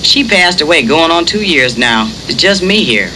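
A woman gives voice to an easygoing, folksy neighbor man in an audiobook. The lines bounce lively in pitch over a hissy recording. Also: normal speed. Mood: friendly. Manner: folksy, relaxed.

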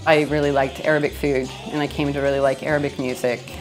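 A woman's voice: rumbling low, level tone, fast talker. A woman anthropologist in a documentary interview, talking reflectively and conversationally with many "you know" fillers and dropping in Arabic phrases. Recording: music playing under the voice.

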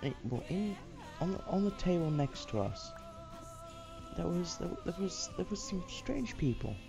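A man's voice: sits high, sing-song, unhurried, creaky, over music. A man hosting a let's play, chatting casually and muttering to himself while he builds. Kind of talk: casual gameplay commentary.

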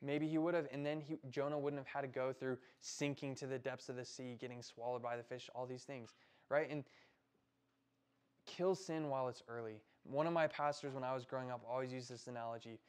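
A young man with an American accent preaches to a group of middle schoolers, his pitch sitting right in the middle of the range. He keeps it loose and chatty, checking in with the kids as he goes. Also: fairly even intonation, brisk, a little mellow, smooth. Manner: casual, conversational preaching with frequent "right?" and "like". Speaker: youth pastor.

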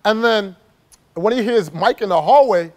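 A travel vlogger with a high-sitting voice tells the camera a personal story at a moderate pace. He's casual and rambling, laughs as he goes, and uses "like" constantly.

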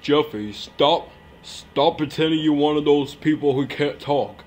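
A man's voice: a little high, unhurried, darkish tone, a little hiss or hum, lightly acted. A man voicing an exasperated, scolding father in a puppet parody skit. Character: exasperated grown father, easily flustered.

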